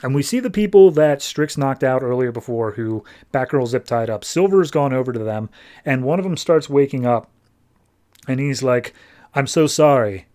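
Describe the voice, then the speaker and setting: A man's voice: mid-range voice, lively intonation, normal speed, mellow. A man hosting a podcast, giving a casual, breezy comic book recap full of fillers. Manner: breezy, filler-laden retelling. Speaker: podcast host.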